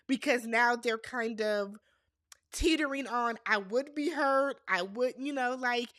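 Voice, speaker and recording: A woman's voice: a little high, a bit bright, no echo, studio quality. A young woman hosting a casual reality TV recap, sassy and talking back to the cast.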